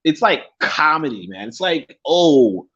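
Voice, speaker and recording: A man's voice: medium pitch, very animated, brisk, fairly bright tone. A young man hosting a casual livestream who rambles, swears freely, repeats himself and laughs often. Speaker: livestream host. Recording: dull lo-fi stream audio.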